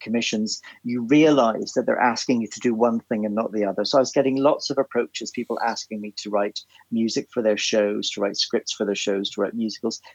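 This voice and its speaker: A man's voice: on the low side, steady tone, fairly quick, vocal fry, few pauses, slightly rough, no room sound, highs cut off. A man, a theatre writer and composer, telling anecdotes as a guest in a casual interview, with many restarts and fillers. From Ireland.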